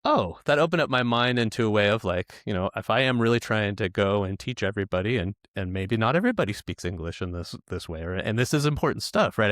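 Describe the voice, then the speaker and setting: A man's voice: lowish voice, fairly bright tone, no room sound, studio quality. A man who is a podcast guest, talking in a casual, rambling way with lots of restarts and stammered words. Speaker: developer educator, guest.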